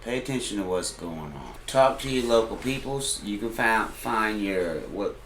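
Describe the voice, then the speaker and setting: A man co-hosts a casual podcast, talking in a laid-back, earnest and slangy way. His voice sits very low, and the room around him rings with echo. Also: expressive, normal speed, a bit bright, slight background noise. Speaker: podcast co-host. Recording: roomy echo.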